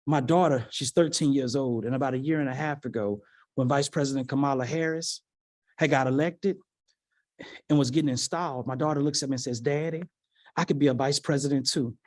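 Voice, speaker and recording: A man telling a personal story as a motivational speaker in a virtual keynote, animated and calling out to his audience. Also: mid-range voice, brisk. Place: virtual event from home.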